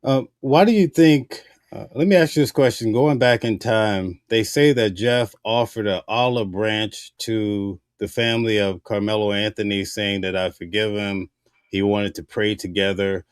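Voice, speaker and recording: A man hosting an interview, asking measured, probing questions. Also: lowish voice, steady tone, clear, resonant tone, no room sound, studio quality. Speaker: host.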